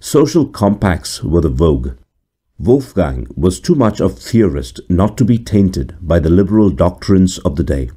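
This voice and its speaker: A man reads a classic horror tale aloud with deliberate, dramatic pacing. His voice is deep and mellow, and it moves expressively through a wide pitch range. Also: sing-song, breathy edge. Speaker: narrator. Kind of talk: scripted horror story narration.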